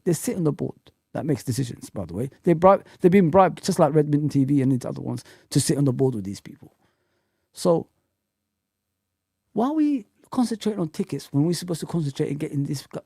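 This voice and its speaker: A man hosting a fan live chat, ranting heatedly and swearing, rising to shouts when angry. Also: high-pitched, gravelly, breathy edge, no room sound. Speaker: fan channel host.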